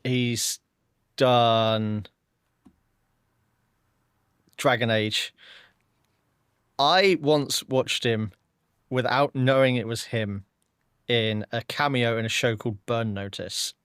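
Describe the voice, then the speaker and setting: A man's voice: mid-range voice, takes it slowly, long pauses, fairly bright tone, smooth, dry recording. Hesitant male podcast host, dry sound. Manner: hesitant, stumbling restarts. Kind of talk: casual podcast chat.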